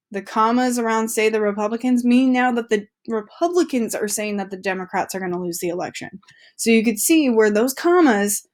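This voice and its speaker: A woman teacher reading an article aloud to her students in a chatty, upbeat way with casual asides. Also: fairly high pitch.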